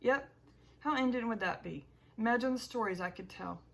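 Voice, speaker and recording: A woman narrating an audiobook in the first person, with expressive, emotional storytelling. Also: on the high side, moderate pace, creaky.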